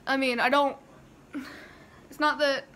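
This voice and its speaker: A woman's voice: high-pitched, little pitch movement, measured pace, bright, forceful tone. A woman vlogging to her viewers while crying, gushing and laughing through her tears. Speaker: YouTuber. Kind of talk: tearful vlog to camera.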